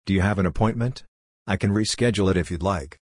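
A man's voice: deep voice, quick pace, darkish tone, no echo, studio quality. A man reading a polite, nervous receptionist. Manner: polite and hesitant.

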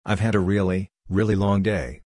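A blunt, condescending man in a storybook, weary and curt, as a male narrator gives him his own voice. The tone is deep and husky. The recording sounds dry and close. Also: normal speed, darkish tone, no echo.

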